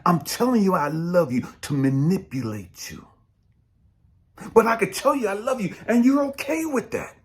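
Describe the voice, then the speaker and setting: Blunt preachy man, lively pitch. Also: normal speed. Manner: preachy and blunt, swings between loud and hushed. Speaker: spiritual coach. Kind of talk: motivational talk.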